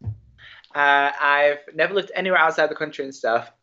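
A man's voice: a little high, fairly even intonation, moderate pace, sharp tone, muffled recording, soft background music. A young man from England with a hard-to-place mixed accent, a guest chatting casually and jokingly, rambling with lots of fillers. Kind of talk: casual podcast chat.

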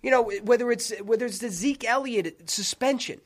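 A man hosting a sports talk radio show, ranting with heat and a lot of cursing. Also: extremely high pitch. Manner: profane, fired-up, rapid ranting.

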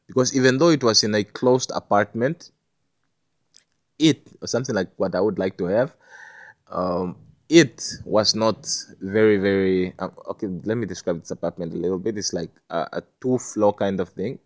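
A man's voice: fairly low pitch, normal speed, dry recording. A man telling a personal story in a loose, rambling way, full of fillers and restarts. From not Jamaica. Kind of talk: casual storytelling.

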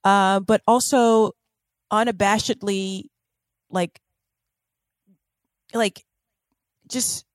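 A woman's voice: mid-range voice, fairly even intonation, very slow, long pauses, no echo, studio quality. A woman co-hosting a podcast in casual chat, gushing and groping for words with lots of fillers. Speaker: podcast co-host.

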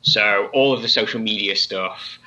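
Man, low voice, very bright sharp tone, dry joker, lo-fi call audio. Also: normal speed. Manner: dry joking, teasing. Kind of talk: casual video call chat.

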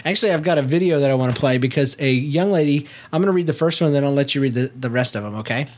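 A man's voice: medium pitch, very fast, darkish tone, a little hiss or hum. A middle-aged man co-hosting a casual family podcast with his daughter, chatty and playful, laughing often and filling gaps with ums and restarts.

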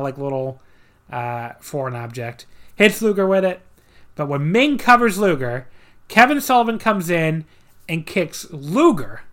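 A man's voice: high voice, bright, forceful tone. A man co-hosting a podcast, casually recapping a wrestling match with dry sarcasm and many fillers.

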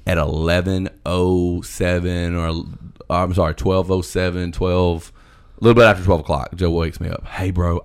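Very deep-voiced man telling a story. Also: normal speed, smooth. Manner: animated, swears, quotes friends. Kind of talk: casual chat, storytelling.

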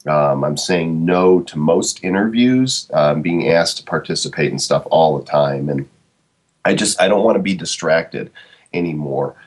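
Forties male host, low husky voice, reflective and loose. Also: moderate pace. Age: 40s. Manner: reflective, with many fillers and restarts. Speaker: podcast host. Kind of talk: casual monologue.

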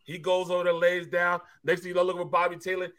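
Guy telling a funny story, slangy n lively, bright voice. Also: sits high, fast talker. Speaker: co-host, former football player. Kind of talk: casual storytelling.

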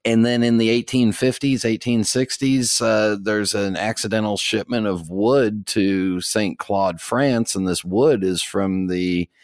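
Low-voiced man in casual podcast chat. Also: steady tone, measured pace, hardly any pauses, no room sound, studio quality. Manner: rambling, with many restarts and fillers. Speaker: pipe tobacco expert, podcast co-host.

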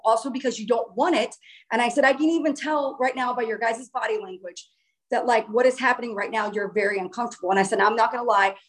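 A woman telling a personal story in a casual, rambling way, acting out dialogue with frequent restarts. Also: fairly high pitch.

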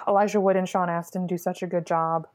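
A woman's voice: fairly low pitch, little pitch movement, a little fast. A woman co-hosting a podcast in casual chat, thinking aloud and searching for her words. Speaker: podcast co-host.

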